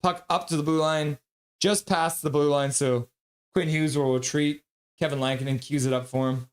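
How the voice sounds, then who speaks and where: A man streaming live play-by-play of a hockey game, calling the action quickly and reading viewer comments between plays. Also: on the high side. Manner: rapid play-by-play, bursts into loud excited voices when reading chat.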